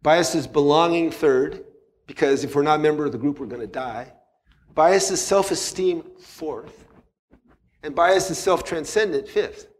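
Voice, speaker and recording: Guy explaining psychology off the cuff, swears a lot, laughs at himself, voice sits kinda high. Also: unhurried. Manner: loose and candid, swears freely, laughs at himself, acts out quoted voices. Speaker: psychologist guest. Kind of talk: casual conversational explanation.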